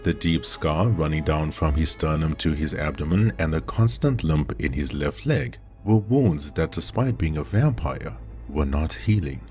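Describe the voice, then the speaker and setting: A man reading a scripted horror story in a measured, dramatic way. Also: very deep voice, darkish tone, faint music behind.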